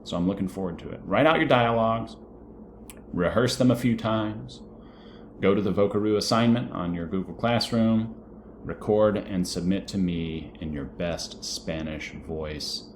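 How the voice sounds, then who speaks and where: A man with a deep, low voice teaches a recorded lesson to his students. He is friendly and encouraging and walks them through vocabulary aloud. There is a faint hiss of noise behind him. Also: measured pace. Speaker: Spanish teacher.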